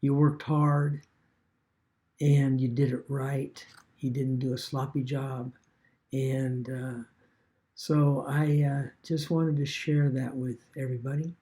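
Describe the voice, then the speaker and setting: A man retelling a story casually as an online business vlogger, halting and rambling with many fillers and restarts. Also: medium pitch, level tone, warm tone.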